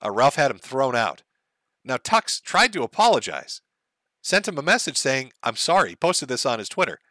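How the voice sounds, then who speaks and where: Male streamer host, mocking and profane, bright animated voice. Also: mid-range voice, normal speed, dry recording. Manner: sarcastic, laughing, profane. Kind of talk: mocking commentary on clips.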